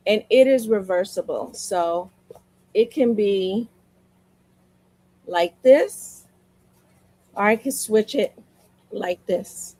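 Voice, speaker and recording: Woman on a live stream, kinda high voice, slow, chatty, talks right to viewers and says stuff twice for emphasis. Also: darkish tone, poor audio. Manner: chatty storytelling, repeats lines for emphasis. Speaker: livestream seller. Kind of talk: casual live stream chat. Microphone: streaming mic.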